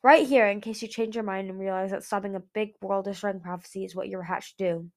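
A woman's voice: medium pitch, fairly even intonation, quick pace, a little mellow, natural voice. A woman voicing a loyal young male dragon who speaks up eagerly for his friends. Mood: protective.

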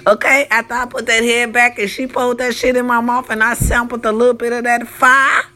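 An older woman telling a dramatic story to her viewers, animated, swearing freely and drawling for emphasis. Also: on the high side, fairly quick. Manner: talks straight to her viewers. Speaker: vlogger. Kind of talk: storytelling vlog.

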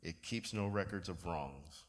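A pastor, giving a sermon in a relaxed storytelling way with self-deprecating humor. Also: male voice, low voice, unhurried.

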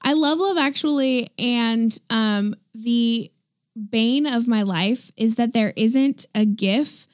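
A woman in casual chat, enthusiastic, laughing often and chiming in with quick agreement. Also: fairly high pitch.

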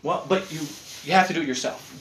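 A man chatting casually as a podcast host, animated and profane, often restarting his sentences. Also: a little high, quick pace, a little hiss or hum. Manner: animated, swearing, restarts a lot. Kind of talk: casual chat. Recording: echoey room.

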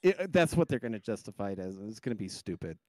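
A man's voice: lowish voice, sing-song, quick pace, darkish tone. Rambling male podcast co-host. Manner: rambling, many fillers and restarts. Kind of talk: casual chat.

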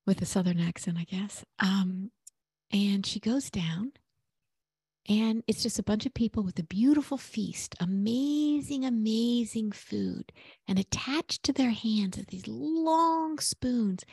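A woman leads prayer at an unhurried pace, her voice husky and breathy, slipping into half-whispers. She talks conversationally, like she's telling a story to a friend, then settles into meditative prayer. The sound is close and dry, with no room around it. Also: on the high side, a little mellow, no room sound. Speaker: prayer podcast host. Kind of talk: spiritual teaching and guided prayer.

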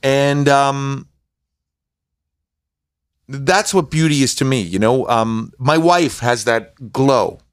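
A man's voice: medium pitch, slow pace, long pauses, clean tone, no room sound. Rambling, jokey man, dry mic. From United States. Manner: rambling, self-mocking, jokey storytelling with many fillers. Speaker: guest. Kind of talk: casual podcast chat.

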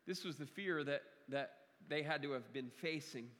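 A man's voice: on the high side, normal speed, fairly bright tone, long reverb tail. A man preaching a sermon to a congregation in a conversational way, repeating key phrases and often restarting his sentences. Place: church sanctuary.

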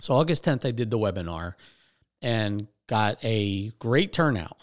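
A man's voice: fairly low pitch, animated, unhurried. A man hosting a casual money podcast, talking straight to his listeners and often restarting his sentences. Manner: conversational, repeats words and restarts, addresses listeners as guys. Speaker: podcast host. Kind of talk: casual financial podcast talk.

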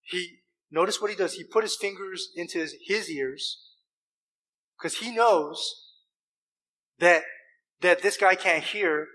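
A man preaching a sermon as pastor, animated and emphatic, with rhetorical questions and deliberate pauses. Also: high-pitched, rough recording. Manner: deliberate pauses and repeated words.

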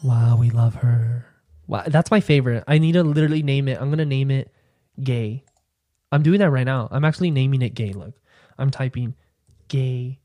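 A man's voice: a little fast, no echo. Campy, chatty young man podcaster. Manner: chatty, campy, playful asides to listeners; drops into a low, quiet "sweetie" aside. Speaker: podcast host. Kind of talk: casual solo podcast chat.

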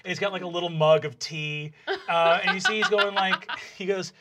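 Bright-voiced man narrating a tabletop game. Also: high voice, huge pitch swings. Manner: halting, filler-heavy narration. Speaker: game master.

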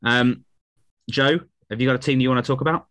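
A man hosting a casual podcast chat, calm and agreeable as he passes the talk around. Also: mid-range voice, fairly quick, no echo. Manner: calm, agreeable, prompts others. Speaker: podcast host. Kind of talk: casual chat about motor racing.

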